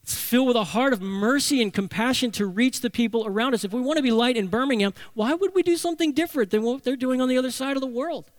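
A man's voice: very high-pitched, fast, few pauses, no room sound. Man preaching animatedly. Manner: animated preaching, acting out voices for emphasis. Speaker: pastor. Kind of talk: sermon.

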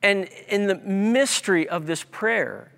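Pastor preaching in a reverberant hall. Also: male voice, sits high, big pitch swings, slow, gravelly, a bit bright. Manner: emphatic, repeats key words. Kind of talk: sermon.

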